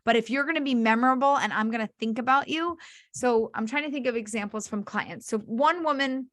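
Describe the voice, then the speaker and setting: Animated woman matchmaker, higher voice. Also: brisk, dry recording, clean studio sound. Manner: animated storyteller who acts out clients' voices. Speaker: matchmaker and dating coach. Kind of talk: online workshop talk.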